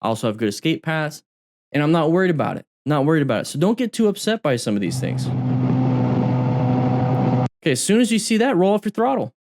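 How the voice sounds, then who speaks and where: A man's voice: fairly high pitch, sing-song, quick pace, pauses often, heavy background noise. Chatty man commenting on riding videos. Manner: chatty, repeats phrases for emphasis. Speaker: motorcycle riding instructor.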